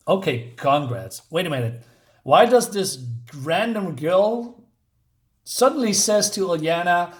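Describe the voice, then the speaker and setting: A fairly high-voiced man rants through a comic book review, sounding exasperated and sarcastic. He rambles, stumbles over restarts and piles on fillers. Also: animated, unhurried. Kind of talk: ranting review.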